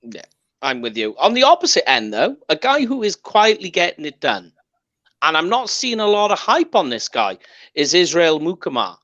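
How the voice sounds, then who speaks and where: A man's voice: fairly high pitch, huge pitch swings, normal speed, fairly bright tone, no room sound. A British man co-hosting a podcast, chatting enthusiastically over slightly dull call audio. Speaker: co-host. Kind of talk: casual podcast chat.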